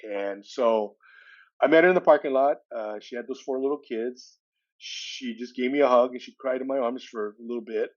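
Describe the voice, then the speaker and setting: Male guest, 60s, mid pitch, lively storyteller, slightly dull sound. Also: normal speed. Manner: lively retelling with acted-out dialogue. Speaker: podcast guest. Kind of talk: personal storytelling.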